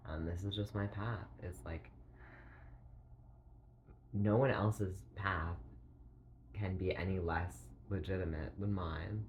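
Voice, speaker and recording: Slow, low-voiced man musing aloud. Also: fairly even intonation, highs cut off, slight background noise. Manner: meandering, full of "like", halting pauses and throat clearing. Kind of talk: rambling philosophical monologue.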